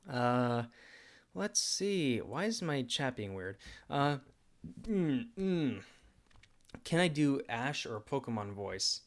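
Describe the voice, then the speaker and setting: Rambling young man answering chat questions. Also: medium pitch. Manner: rambling and self-deprecating, with frequent laughs and fillers. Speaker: channel host. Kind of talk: casual livestream Q&A chat.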